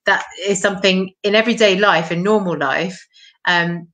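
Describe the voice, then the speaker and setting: A woman's voice: medium pitch, normal speed, a bit bright, rough recording. A woman from the UK hosting a live-stream interview, reading viewer comments and agreeing with her guest. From United Kingdom. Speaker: host.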